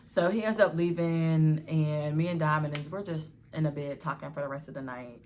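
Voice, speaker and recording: Young woman, deep for a woman, casual storytime vlog, animated slangy telling, light background hiss. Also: moderate pace. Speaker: vlogger.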